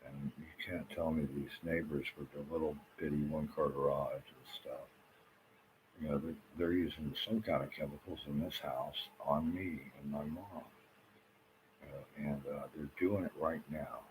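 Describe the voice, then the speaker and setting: A man's voice: extremely low pitch, steady tone, normal speed, noisy background. A man talking straight to his audience in a restless, rambling monologue, repeating himself and swearing often. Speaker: vlogger. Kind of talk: rambling agitated monologue to camera.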